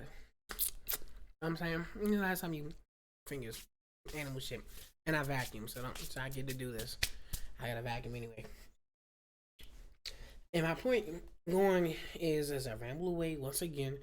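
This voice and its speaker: A woman vlogger at home, rambling casually into a proper microphone and talking straight to her viewers. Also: deep voice. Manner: chatty, digressive, talks straight to viewers. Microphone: studio microphone.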